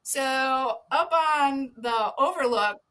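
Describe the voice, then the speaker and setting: A woman's voice: sits high, takes it slowly, pushed and bright, clean tone. A woman guest on a podcast, a former zookeeper telling a casual anecdote, swearing freely and laughing often.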